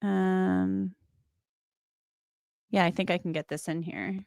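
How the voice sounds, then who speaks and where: A woman's voice: lowish voice, steady tone, slow pace, gravelly, darkish tone, no room sound, studio quality. A woman giving casual, rambling commentary on a trial, with lots of fillers. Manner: rambling, filler-heavy, chatty. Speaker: legal commentator.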